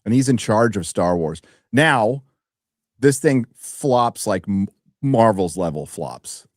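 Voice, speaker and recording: A man's voice: lowish voice, lively intonation, slow pace, no echo, clean studio sound. A man co-hosting a casual podcast chat, frank and swearing. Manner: frank, swears, blanks on names. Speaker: podcast co-host.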